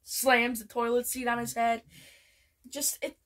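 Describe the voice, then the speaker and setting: Excitable bright-voiced woman vlogger. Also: on the high side, measured pace. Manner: excitable, rambling, lots of fillers. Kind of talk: casual show ranking.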